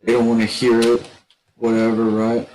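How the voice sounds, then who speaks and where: Male storyteller, mid-pitched, rambling casual delivery, light background hiss. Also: completely flat delivery, moderate pace, poor audio. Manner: rambling, restarts a lot, shouts when quoting others. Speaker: gaming streamer telling a story.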